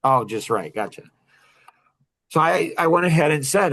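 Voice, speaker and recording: A middle-aged man leading a coaching group, telling a personal story in a casual, animated way with frequent laughter. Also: medium pitch, measured pace.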